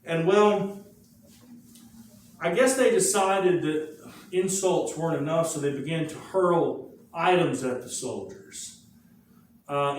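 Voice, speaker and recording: A man's voice: a little high, heavy reverb. Guy lecturing history like a story, lots of rhetorical questions, faint room noise, far from the mic. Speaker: history teacher. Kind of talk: classroom lecture.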